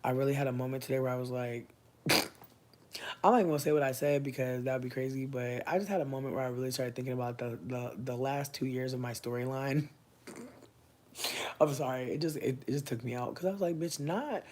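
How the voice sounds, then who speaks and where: A woman in her thirties chatting casually on a livestream, answering viewers' comments, loud, profane and often laughing. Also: a bass voice, fairly even intonation, fast talker. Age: 30s. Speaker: livestream host.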